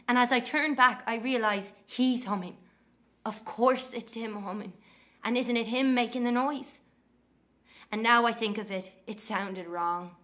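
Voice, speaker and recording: Woman playing a bright young Irish woman. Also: on the high side. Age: young adult. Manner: breathless storytelling, quick to anger. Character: young Irish woman haunted by her missing twin. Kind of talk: dramatic monologue for audio drama.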